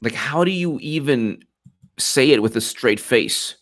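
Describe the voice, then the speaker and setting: Animated male political commentator. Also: mid-range voice, unhurried. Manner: animated, repetitive, mocking quoted voices.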